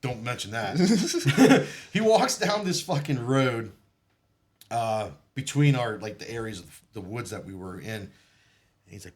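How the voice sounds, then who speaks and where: As a podcast guest, a Marine veteran unhurriedly recounts his military stories in a mid-range voice with lively intonation. His storytelling is casual, full of swearing and frequent laughter between lines.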